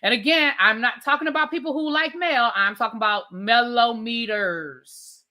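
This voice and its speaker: Woman host, chatty and emphatic, bright and a touch high, casual live chat with viewers. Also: moderate pace. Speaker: livestream host reviewing reality TV.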